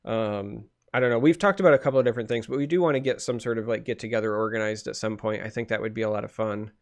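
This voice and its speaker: A man co-hosting a casual podcast chat, rambling and animated, with lots of restarts. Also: on the low side, very fast. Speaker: podcast co-host.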